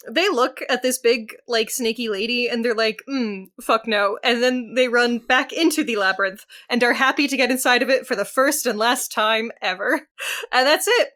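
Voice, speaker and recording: A giggly woman co-hosting a podcast, swearing freely as she chats. Her high voice has a bright, sharp edge to it. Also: moderate pace. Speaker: podcast co-host. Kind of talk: casual podcast chat.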